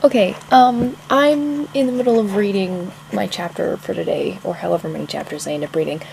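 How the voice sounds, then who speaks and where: A young woman author gushes about her own story in a casual vlog, laughing often and talking excitably. Her voice sits at an ordinary middle pitch. A faint hiss of noise runs behind her. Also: brisk, vocal fry. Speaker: author vlogger. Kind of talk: casual vlog chat, reading her draft aloud.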